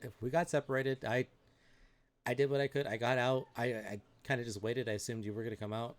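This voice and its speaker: A man voicing a shy young woman who talks in halting, repeated bits in a tabletop game. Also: mid-range voice, little pitch movement, lightly acted. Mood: flustered. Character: shy young woman, flustered but reassuring.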